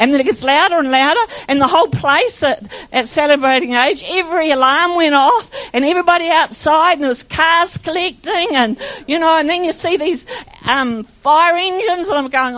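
A woman's voice: sits high, lively intonation, moderate pace, a bit bright. An older woman, a pastor telling church stories in a rambling, emotional way. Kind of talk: church testimony.

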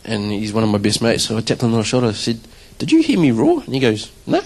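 Speaking at a racing pace in a fairly low voice, a man who drums at church gives his testimony to the congregation. The audio is poor, and his conversational, lively telling includes acted-out quotes of his own reactions.

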